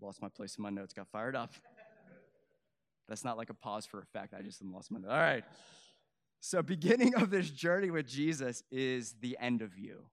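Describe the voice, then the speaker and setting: A young adult man preaching a sermon, swinging from loud emphatic peaks to quiet, low, earnest stretches, with casual asides to the congregation. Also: lively intonation, moderate pace. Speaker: pastor.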